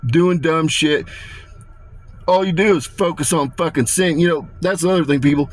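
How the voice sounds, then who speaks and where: A man's voice: on the high side, fast, no echo, faint music behind. A man delivering a rambling, profane and menacing rant to his viewers, often repeating himself. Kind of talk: ranting monologue to camera.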